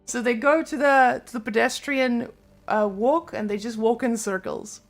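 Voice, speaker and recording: A young woman with a Serbian accent talks casually to her stream, her English loose and full of restarts. Her voice sits a little high with a gravelly, fried edge. Faint music plays behind her. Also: normal speed. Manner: chatty, loose non-native English with restarts. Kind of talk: casual live-stream chat.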